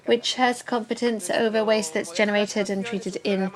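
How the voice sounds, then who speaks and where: A woman giving a conference presentation, speaking in a measured, explanatory way and stressing key words. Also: medium pitch, fairly even intonation. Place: conference hall.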